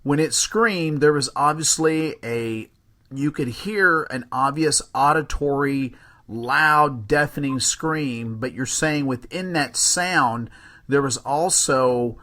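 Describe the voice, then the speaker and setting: A male podcast host talks in a slow, deliberate way. His voice sits in a mid range, and he reasons through his points at length in a measured, thoughtful manner. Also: mid-range voice, sharp tone. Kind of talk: interview questions and commentary.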